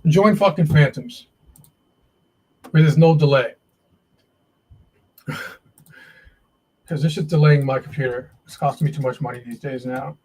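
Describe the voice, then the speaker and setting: A man's voice: fairly high pitch, unhurried, long pauses, a little mellow, slightly rough, rough recording. A man hosting a live day trading stream, talking to himself and viewers as he trades, often frustrated and swearing.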